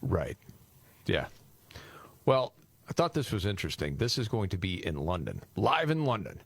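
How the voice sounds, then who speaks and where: Low-voiced wry talk show host. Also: male voice, big pitch swings, normal speed, breathy edge, no echo. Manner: wry, teasing, steers the conversation with questions. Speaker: podcast co-host leading the segment. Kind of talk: casual news talk show banter.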